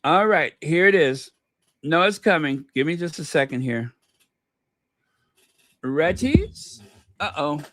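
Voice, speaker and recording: A woman's voice: deep voice, very animated, takes it slowly, long pauses, a bit bright, no room sound. A woman hosting a casual commentary channel, chatting and teasing while fumbling to find clips.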